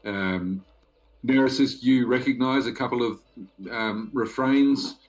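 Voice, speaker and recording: A man narrating as game master for a tabletop game, halting with many fillers and pauses. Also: mid-range voice.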